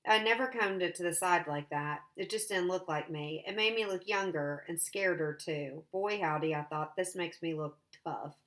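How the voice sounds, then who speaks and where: A female teacher reads a novel aloud to her class in a slightly low voice. Her delivery is plain and steady, at a moderate pace with few pauses.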